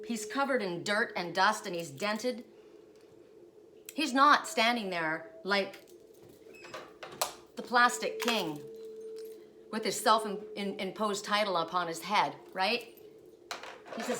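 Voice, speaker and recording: A woman's voice: mid-range voice, a little slow, background noise. A woman telling spiritual stories in a casual vlog, emotional and rambling, often ending her sentences with "right?". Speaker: spiritual guidance storyteller.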